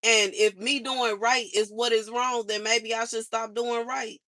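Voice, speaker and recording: Frustrated young woman venting, bright voice. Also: a little high, level tone, unhurried. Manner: frustrated, repetitive complaining; casual slangy speech. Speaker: livestreamer. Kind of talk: venting livestream monologue.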